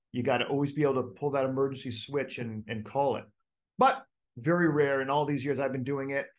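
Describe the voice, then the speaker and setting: A man coaching a group, talking casually with many fillers and restarts and acting out inner voices. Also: medium pitch. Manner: animated, acts out inner voices. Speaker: coach leading a group call. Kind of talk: casual teaching talk.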